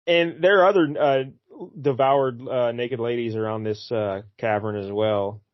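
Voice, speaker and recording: A man's voice: medium pitch, steady tone, unhurried, no room sound, dull audio. A man co-hosting a casual comic book talk, retelling the story and briefly acting out characters' lines. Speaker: podcast co-host.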